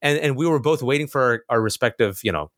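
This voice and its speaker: A man telling a personal story in conversation, animated, acting out other people's lines with big jumps in pitch. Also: fast talker, no room sound, clean studio sound. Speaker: guest.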